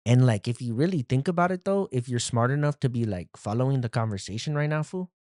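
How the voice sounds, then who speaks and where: In a comedic podcast bit, a male host puts on the voice of a vulnerable young street dude, drawling slang and capping his phrases with "fool" or "dog." His natural-sounding voice is medium-pitched, expressive, and darkish in tone, moving at a quick, laid-back clip. It was recorded on a phone in a dry room with no room sound.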